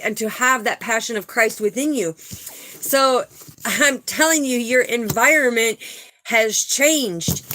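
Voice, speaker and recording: Middle-aged lady doing a spiritual card reading, kinda high voice, preachy rhythm, keeps saying okay? right?. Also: fairly bright tone. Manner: emphatic, repeats phrases, preacher-like cadence with "okay?" and "right?" tags. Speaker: spiritual tarot reader.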